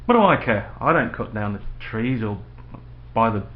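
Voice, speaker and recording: A man's voice: lowish voice, very animated, moderate pace. A man ranting sarcastically to camera in a casual vlog at home. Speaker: vlogger. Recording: dull lo-fi home video with faint noise.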